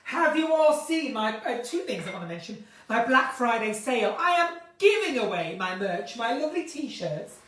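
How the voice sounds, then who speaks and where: A woman hosting a casual live chat from her kitchen at home, theatrical and chatty, swinging between bright exclamations and low asides. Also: very animated, normal speed, hardly any pauses. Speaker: live-stream host chatting with viewers. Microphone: phone or webcam in a live stream. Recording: roomy, distant from the mic.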